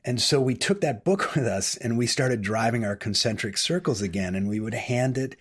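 A man's voice: medium pitch, normal speed, breathy edge. A male film director guest on a podcast, telling long anecdotes in a casual, rambling way with frequent restarts. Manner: rambling, self-interrupting anecdotes. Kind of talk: casual storytelling interview.

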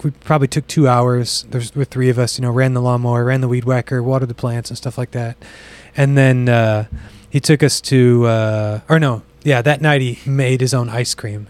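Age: adult. Sex: man. From: US South. Role: podcast guest. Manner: animated, casual storyteller. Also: moderate pace, no room sound. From US South (Bible Belt). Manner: animated storyteller, jumps higher and louder for quoted voices.

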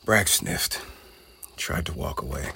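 A man narrating a children's storybook in a gentle, measured way. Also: low-pitched, animated, vocal fry, slight background noise.

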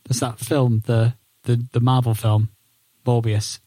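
A man's voice: medium pitch, little pitch movement, a little slow, warm tone, no echo. A man co-hosting a casual gaming podcast, asking playful, teasing questions. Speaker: podcast co-host.

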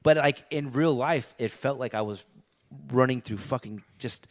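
A man's voice: mid-range voice, moderate pace. A middle-aged man in a casual chat, telling a long story loosely, with lots of fillers and swearing.

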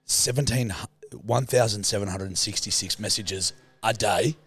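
A man's voice: lowish voice, normal speed, fairly bright tone. A man co-hosting a podcast, chatting casually with crude, teasing banter. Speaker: podcast co-host. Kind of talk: casual comedic chat.

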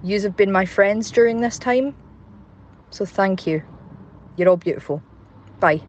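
A man's voice: high-pitched, measured pace, lo-fi sound, slight background noise. A man with a Glasgow accent calling in with a chatty, candid voice message, recorded on a phone. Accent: Scottish, Glasgow. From Scotland. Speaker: caller. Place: in a parked car outdoors.

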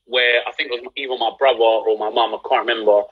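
Husky young London man, lo-fi stream. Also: medium pitch, fast. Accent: London English. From England. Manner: relaxed storytelling, animated when recounting anecdotes. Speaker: actor guest. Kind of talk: casual interview over a live stream.

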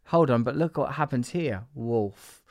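A man's voice: medium pitch, expressive, unhurried, darkish tone, no echo. A man running a loose, chatty podcast, wandering from thought to thought and slipping into playful teasing. His voice sits in an ordinary middle range and sounds close and dry, with no room around it. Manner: rambling, jokey and teasing, with many fillers. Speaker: podcast host. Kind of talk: casual podcast chat.

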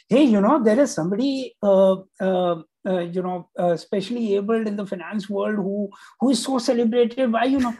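A man speaking as a podcast guest, earnest and hesitant, pausing often with fillers. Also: extremely high pitch, dark tone, slightly rough, rough recording. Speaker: guest, banker. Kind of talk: casual interview chat.

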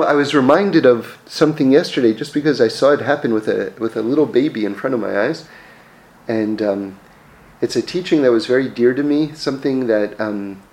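A man giving a Torah class, telling stories in an animated way with frequent restarts and repeated words. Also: mid-range voice. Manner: animated storytelling with many restarts. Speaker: Torah teacher. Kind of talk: religious class, story-driven teaching. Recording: echoey room.

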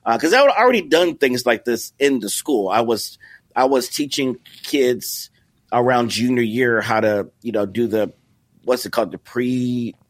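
A middle-aged man from the Chicago area, a podcast guest telling a story. He talks in a casual, animated way, acting out the people he quotes and often restarting his sentences. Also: mid-range voice, normal speed, no echo. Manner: animated, acts out quoted voices, many restarts. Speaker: guest, content creator.

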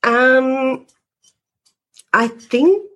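A woman's voice: sits high, animated, very slow, a bit bright. A woman, a paranormal investigator telling stories as a guest in a casual interview, rambling and full of fillers.

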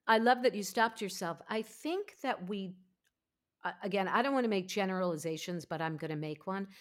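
A woman in her fifties, a podcast host, telling her own story in a candid, emphatic, animated way. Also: medium pitch, fairly quick. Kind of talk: candid conversational interview.

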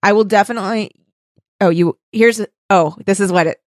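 A woman's voice: medium pitch, moderate pace, no echo, studio quality. A young woman co-hosting a podcast in casual chat, giggly and chatty, acting out little scenes. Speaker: podcast co-host.

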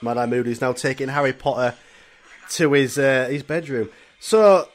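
A man's voice: medium pitch, moderate pace, slight background noise. A young man, hosting a solo comedy podcast in a rambling, jokey, sweary way. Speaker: podcast host.

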